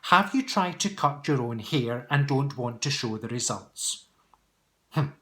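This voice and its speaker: A middle-aged man chats through viewer questions on his vlog in a playful, teasing way. He laughs often as he talks. His voice sits at an ordinary middle pitch. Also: animated, unhurried, a bit bright. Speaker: vlogger answering viewer questions. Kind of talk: casual Q&A vlog chat.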